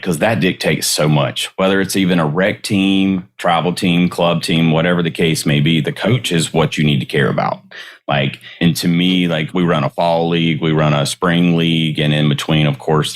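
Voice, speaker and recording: A man hosting a podcast who runs youth leagues, talking casually with many fillers and rhetorical questions. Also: extremely low pitch. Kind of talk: casual interview chat.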